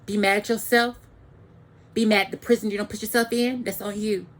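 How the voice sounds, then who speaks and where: Woman, vlogger, heated rant, profane, repetitive emphasis, mid-pitched voice. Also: fairly even intonation, a little fast. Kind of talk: angry ranting monologue.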